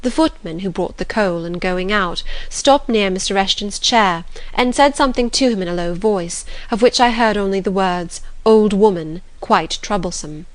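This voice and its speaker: A woman narrating a classic novel as an audiobook in a calm, gentle manner. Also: medium pitch, normal speed, hardly any pauses, dry recording.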